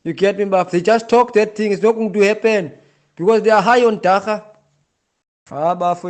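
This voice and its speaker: A man with a South African accent speaks in a high, mellow voice. He talks in an impassioned, repetitive monologue, circling back to the same points and calling to his listener. His tone is insistent throughout. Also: brisk. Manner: repetitive, insistent, often addresses the listener as "Bafo". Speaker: Rasta community member.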